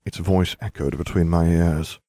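A man's voice: low voice, steady tone, moderate pace, mellow, dry recording. A man reading first-person fiction aloud with dry, wry narration. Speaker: audiobook reader.

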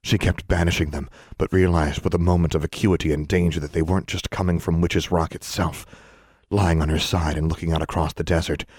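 A man reading a novel aloud as narrator, in a steady, measured storytelling manner. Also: low-pitched, husky, dry recording, clean studio sound. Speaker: audiobook narrator. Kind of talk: scripted narration.

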